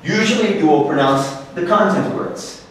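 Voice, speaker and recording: A man's voice: high voice, expressive, moderate pace. A man teaching English in a classroom, asking the class questions and repeating example sentences. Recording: very echoey room, from far off.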